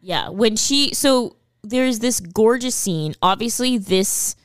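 A woman's voice: on the high side, lively intonation, no room sound, studio quality. Chatty gushing woman film fan. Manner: gushing and chatty, heavy use of "like", quick laughs. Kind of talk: casual film discussion.

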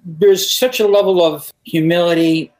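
A pianist appears as a guest on a conversational podcast interview, speaking enthusiastically and frequently stammering and restarting his sentences. His high voice is steady, darkish and unhurried, on a rough recording.

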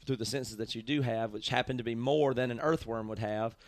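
A man co-hosting a podcast, explaining ideas in a measured, thoughtful way. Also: medium pitch, fairly even intonation, dry recording. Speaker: podcast co-host. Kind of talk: casual podcast chat.

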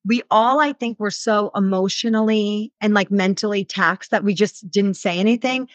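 A woman in her thirties, a reality show cast member, answering interview questions in casual, animated speech full of "like" fillers. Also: mid-range voice, normal speed, no room sound. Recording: dull lo-fi sound.

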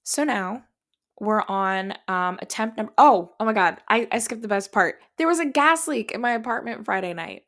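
A woman's voice: mid-range voice, animated, moderate pace, fairly bright tone. Profane, dramatic young woman storytelling. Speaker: podcast host. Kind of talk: casual storytelling monologue.

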